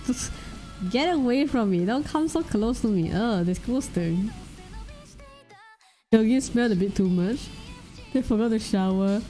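A woman's voice: on the high side, expressive, measured pace, long pauses, dark tone, soft background music. A woman streamer chatting casually and giggling while commentating a game.

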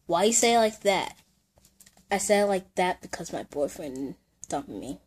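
A woman's voice: lowish voice, animated, moderate pace, darkish tone, breathy edge. A woman playing out a doll scene, switching between playful character voices.

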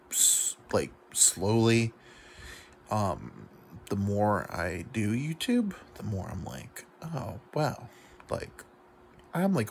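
A YouTube comedian, drunk, rambles to the camera in a self-deprecating confessional monologue packed with fillers. His voice is on the low side with vocal fry, and there's slight background noise.

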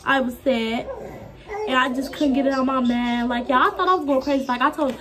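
High-voiced young woman telling a story. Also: fairly even intonation, a little fast. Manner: rambling, repeats herself, quotes people in voices. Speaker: vlogger. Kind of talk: casual storytelling chat.

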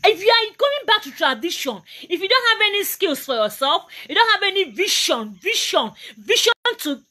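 This motivational vlogger, a Nigerian woman, lectures her audience with emphatic, preachy repetition for weight. Her pitch is high with wide swings, and she sounds bright and forceful.

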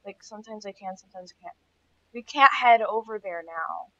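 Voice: mid-range voice, moderate pace, fairly bright tone. A gaming host with a stuffy nose, chatting casually through gameplay and getting startled now and then. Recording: dull lo-fi sound.

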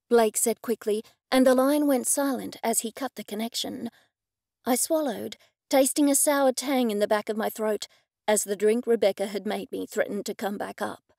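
Audiobook narrator: woman, slightly raised pitch, gravelly texture, dry close recording, steady storytelling. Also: moderate pace, no room sound. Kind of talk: first-person scripted narration.

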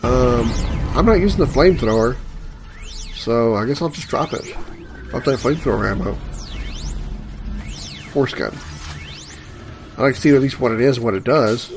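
A man's voice: medium pitch, moderate pace, pauses often. A man casually commenting on his gameplay, muttering reactions and swearing when startled, with game music playing behind him. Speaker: let's play gamer. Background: game music and sound effects.

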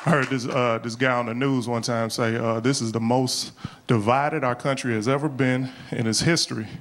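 A man's voice: medium pitch, steady tone, moderate pace, a bit bright, some chatter behind, a little hiss or hum. A young adult man doing a live stand-up routine on a comedy club stage, talking loosely and conversationally with slangy asides.

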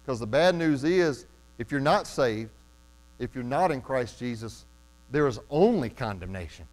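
A male preacher delivering a sermon at a middle pitch, talking to the congregation like he's chatting with them. He leans hard on key words and keeps asking for an amen, with plenty of ums between thoughts. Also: expressive, measured pace, darkish tone. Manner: calls out for amens from the congregation; emphatic, conversational preaching with frequent ums.

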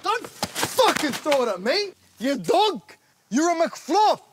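A man's voice: extremely high pitch, big pitch swings, takes it slowly, very noisy, heavily acted. A man playing a rude Australian burger worker. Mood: insulting. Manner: insulting, snappy and sarcastic. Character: rude, foul-mouthed young male burger-counter worker. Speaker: fast-food worker in a comedy sketch.

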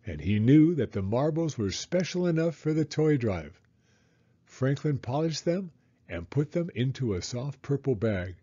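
Brief: male storybook reader, mellow and a bit husky, lively delivery, dull lo-fi audio. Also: medium pitch. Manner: expressive, animated reading. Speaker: children's book reader. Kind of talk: storybook read-aloud.

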